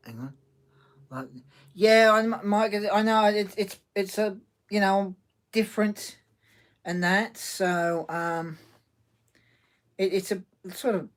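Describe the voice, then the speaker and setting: A man hosting a casual livestream, talking haltingly with many restarts and reading chat comments aloud. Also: sits high.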